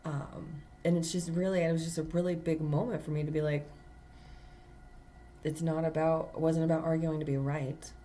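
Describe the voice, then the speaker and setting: A woman's voice: low voice, little pitch movement, moderate pace, dark tone, a little hiss or hum. A woman who reads tarot, telling a personal story in an earnest, emphatic way, with many fillers and restarts. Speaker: tarot reader. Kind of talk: casual spiritual monologue.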